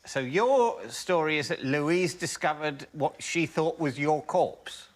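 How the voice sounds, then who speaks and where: A man team captain on a comedy panel show, asking probing questions in a deadpan manner. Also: fairly high pitch, takes it slowly. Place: TV studio before a live audience.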